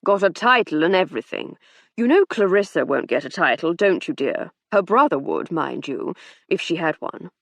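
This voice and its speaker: A woman voicing a drunk, oblivious man in an audiobook, slow and slurred. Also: on the low side, lively intonation, vocal fry, fairly bright tone, no room sound, heavily acted. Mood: tipsy. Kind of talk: audiobook character reading.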